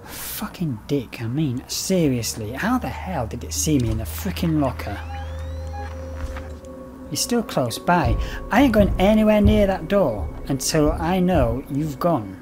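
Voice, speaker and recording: A man commentating on a horror game, swearing often, coaxing and taunting the enemy, and getting loud when frustrated. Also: on the high side, animated, measured pace, music in the background. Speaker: gameplay commentator. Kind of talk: let's play commentary.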